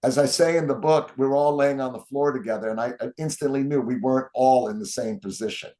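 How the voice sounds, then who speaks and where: Man, interview guest, lively storyteller, quotes people with a change of voice, average pitch. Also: quick pace. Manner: animated storyteller, acts out quotes.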